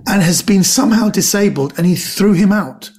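Lively man telling animated stories. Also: high-pitched, moderate pace. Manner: lively storyteller who acts out quoted voices. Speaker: comedian guest.

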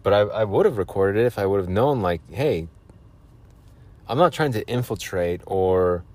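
A man's voice: on the low side, animated, moderate pace, darkish tone. A man hosting a solo podcast, ranting sarcastically in a rambling monologue. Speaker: podcast host.

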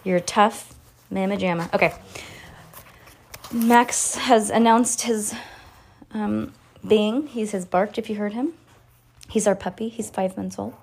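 Giggly chatty mom, 30s, lots of likes, reads a kids book out loud. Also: female voice, medium pitch, a little slow, gravelly, long pauses. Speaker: podcast host and mother. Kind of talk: casual chat and reading a children's book aloud.

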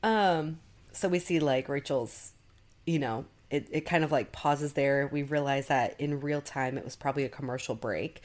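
Low-voiced woman podcast co-host. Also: normal speed. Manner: chatty, many fillers, acts out quotes. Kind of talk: casual recap chat.

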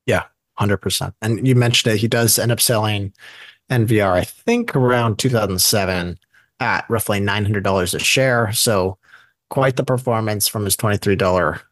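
A man's voice: on the low side, normal speed, no room sound. A man co-hosting a podcast, talking casually and working through stories with frequent fillers and asides. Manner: conversational, with many fillers and asides. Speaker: podcast co-host. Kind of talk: casual investing podcast chat.

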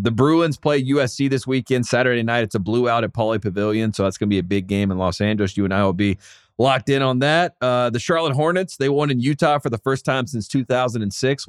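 A man in his thirties with a Southern North Carolina accent hosts a podcast, chatting casually in a laid-back, rambling way with lots of fillers. His medium-pitched voice is fast, recorded in clean studio sound with no echo.

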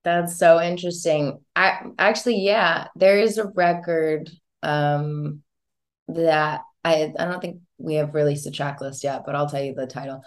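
Low-pitched woman, singer-songwriter guest, relaxed chatty interview talk with frequent laughs. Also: a little slow. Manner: chatty and expressive, laughs often. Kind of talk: casual interview chat.

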